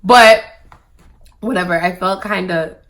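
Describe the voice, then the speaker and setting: A woman's voice: fairly low pitch, measured pace, a bit bright. A woman vlogger telling a personal story straight to her viewers in a casual monologue, packing nearly every phrase with "like". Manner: talks to viewers directly.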